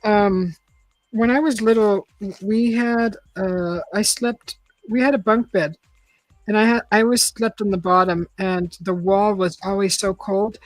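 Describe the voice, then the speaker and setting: A middle-aged woman hosting a relaxed chat show, rambling and chatty as she talks to her viewers and reads from a book. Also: mid-range voice, measured pace, no room sound, faint music behind, rough recording. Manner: rambling and chatty, with frequent restarts and laughs. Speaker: host. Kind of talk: casual chat and reading aloud.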